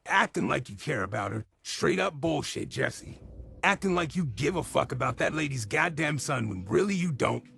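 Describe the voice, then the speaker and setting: A man's voice: on the high side, animated, moderate pace, vocal fry, sharp tone, slight background noise. A man giving profane comedic commentary, swearing constantly in an exasperated rant at a character's mistakes. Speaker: show commentator.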